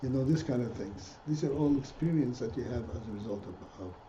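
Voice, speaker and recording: Speaking briskly in a mellow, mid-range voice, a male rabbi teaches Hasidic writings, frequently breaking off to start again and posing rhetorical questions to his class. Faint noise and a dull echo fill the recording.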